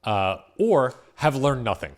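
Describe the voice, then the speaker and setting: A man's voice: mid-range voice, very animated, a little slow. Wry man in casual podcast chat. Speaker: podcast guest co-host.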